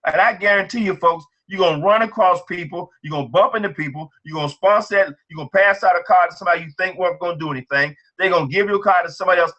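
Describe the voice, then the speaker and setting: Pep-talk team leader, man, bright and a bit high, energetic and repetitive. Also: very fast, hardly any pauses, highs cut off. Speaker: team leader on a business training call.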